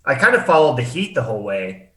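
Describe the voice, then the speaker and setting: A man's voice: mid-range voice, very animated, fast talker, fairly bright tone. Easygoing man in an echoey room. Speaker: podcast guest. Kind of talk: casual chat.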